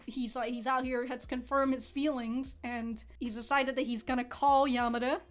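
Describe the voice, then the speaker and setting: A woman giving casual, excitable commentary on an anime episode, swearing and laughing freely. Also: fairly high pitch, moderate pace, soft background music.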